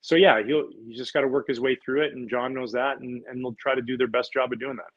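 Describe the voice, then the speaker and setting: A middle-aged man from Canada, a former pitcher, chatting as a guest and telling stories with lively laughs and quick restarts. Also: muffled recording. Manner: animated storyteller, laughs often, restarts words. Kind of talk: casual interview chat, storytelling.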